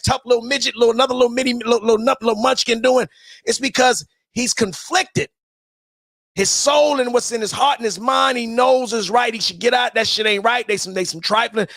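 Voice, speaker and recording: A man's voice: very high-pitched, gravelly, a bit bright, dry recording, clean studio sound. A man ranting in a profane, preachy commentary stream, repeating himself as he quotes scripture and calls out other online personalities.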